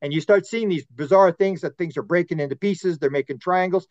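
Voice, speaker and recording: A man talking as a podcast guest, rambling and animated as he tells stories and acts out quotes. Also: sits high, a little fast, dry recording, highs cut off. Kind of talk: podcast conversation.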